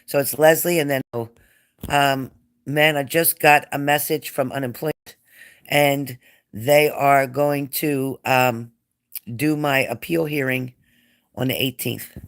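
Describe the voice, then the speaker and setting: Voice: mid-range voice, vocal fry. A psychic reader hosting a casual live stream who talks straight to viewers by name, repeats phrases and gets emotional and fervent.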